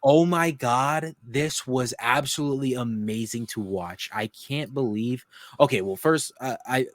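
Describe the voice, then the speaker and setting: A young man hosting a podcast, reviewing a TV episode in an excited, casual way and swearing freely. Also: medium pitch, a little slow, dry recording. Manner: animated, gushing, swears freely. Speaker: podcast host.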